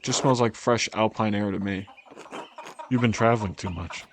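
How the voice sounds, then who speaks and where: A man's voice: fairly low pitch, moderate pace, noisy background, lightly acted. A man reading a friendly young farmer lad. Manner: plain reading of game dialogue.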